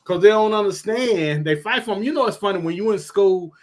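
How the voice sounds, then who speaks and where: Casting: man with a raised pitch, guest host, outspoken and lively. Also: a little fast. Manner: opinionated, animated, laughs often. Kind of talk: casual panel discussion on a live stream.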